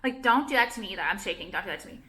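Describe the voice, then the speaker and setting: A young woman talks straight to her camera in a loose, rambling vlog. Her voice is bright and forward, and she keeps breaking off her own sentences with nervous restarts and "like". She sounds anxious and self-conscious as she chats. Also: mid-range voice, lively intonation, racing. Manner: rambling, self-interrupting, heavy use of "like", anxious. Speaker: vlogger and jewelry designer. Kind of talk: casual rambling chat to camera.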